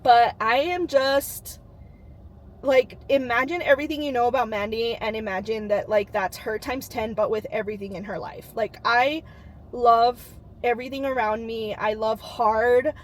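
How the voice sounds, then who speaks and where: A woman's voice: fairly high pitch, fairly even intonation, moderate pace. A woman in her thirties talking to camera in a bubbly, earnest vlog, with plenty of "um" and "like". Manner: bubbly, earnest, lots of fillers. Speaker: channel host.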